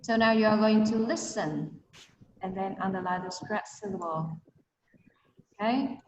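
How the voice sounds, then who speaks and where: Teacher on a video call, questions the class, echoey dull sound. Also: female voice, mid-range voice, a little slow, background noise. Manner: switches between English and Vietnamese, quizzes students. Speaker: English teacher.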